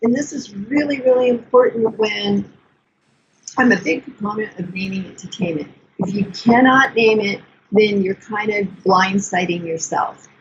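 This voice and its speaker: An older woman therapist explaining emotional self-care in an earnest, coaching way, with gentle self-soothing asides. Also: medium pitch. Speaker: therapist guest. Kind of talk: explanatory podcast talk. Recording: dull lo-fi sound with faint noise.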